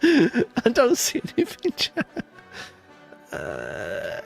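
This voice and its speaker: A man's voice: sits high, huge pitch swings, takes it slowly, gravelly, soft background music. A man streaming live as he works through a word puzzle. He talks to himself and to his chat, laughs often, mocks himself and swears.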